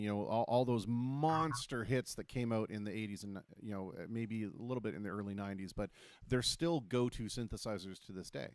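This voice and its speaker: A man's voice: on the low side, a little mellow, no room sound. Man, show host, casual interview, dry sound. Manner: brief affirming replies, relaying viewer comments.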